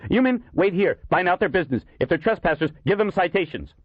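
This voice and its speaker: A man voicing a panicky, bossy heavyset official who yells orders in a shrill voice, in an audiobook. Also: wildly swooping pitch, moderate pace, no echo, muffled recording, full character voice. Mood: barking orders.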